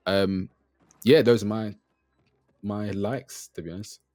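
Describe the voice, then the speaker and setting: A man's voice: on the low side, steady tone, slow pace, mellow, no echo. A man co-hosting a game podcast, chatting casually and guiding the discussion.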